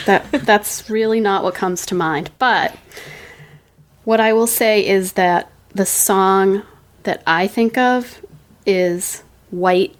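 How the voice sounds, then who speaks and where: Woman, podcast guest, slow unhurried delivery, lowish pitch, wry and careful. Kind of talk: casual podcast chat.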